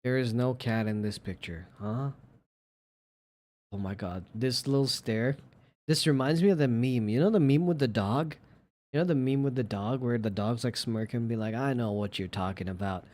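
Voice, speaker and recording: A man's voice: normal speed, darkish tone. A man streaming live, chatting casually and gushing playfully over viewer pictures. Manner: gushing and playful, jumps into squeaky high exclamations.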